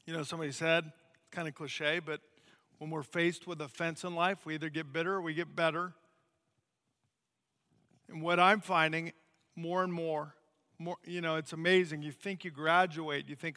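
An American man preaching a sermon as a missionary, in an animated, conversational way. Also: fairly high pitch, normal speed, pauses often, in a large hall. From United States.

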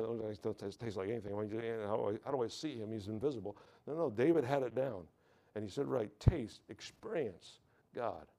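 A man's voice: mid-range voice, darkish tone. An American man preaching a sermon, telling a personal testimony, often stumbling and repeating words and calling out to the congregation for amens.

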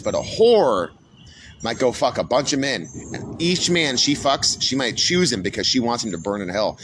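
Against a noisy background, a middle-aged man gives an unscripted sermon on his podcast, a religious monologue that is blunt and profane. He speaks at medium pitch and keeps repeating his warnings.

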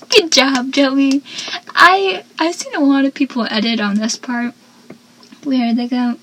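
A young woman with a high voice recaps a TV episode in a loose, chatty way. She laughs often and breaks off into animated asides. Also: a little slow, a little hiss or hum, low-quality recording. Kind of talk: casual recap commentary.

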